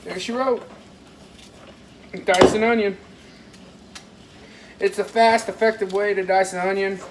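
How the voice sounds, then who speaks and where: A man's voice: sits high, steady tone, measured pace. A man, chatting informally to viewers in a casual cooking vlog from his parents' kitchen. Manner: rambling, informal, talks straight to viewers. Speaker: fishing vlogger. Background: faint household noise.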